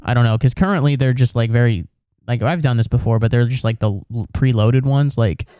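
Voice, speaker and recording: A man's voice: medium pitch, fairly quick, background noise. A young adult man hosting a solo comedy podcast, rambling and swearing with a self-mocking tone.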